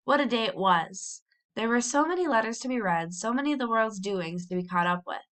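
A woman reading a children's novel aloud as a storybook narration, lively, with brief cheerful voices for the characters. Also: fairly high pitch, fairly quick. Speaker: audiobook reader.

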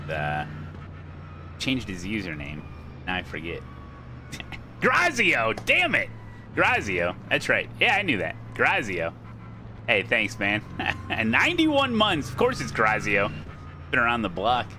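Lively joking American streamer guy. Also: lowish voice, measured pace, pauses often, over music. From United States. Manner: joking, chatty, thanks viewers mid-race. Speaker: sim racing streamer. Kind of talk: casual gameplay commentary.

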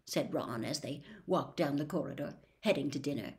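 A woman reading a children's novel aloud as an audiobook, measured and expressive. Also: low-pitched. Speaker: audiobook reader. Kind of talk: scripted storybook narration.

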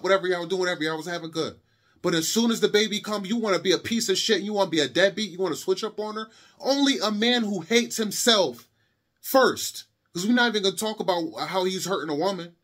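A man's voice: sits high, fairly bright tone, breathy edge. A young adult man giving a heated monologue to camera, impassioned and repetitive, lecturing his viewers. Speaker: video commentator.

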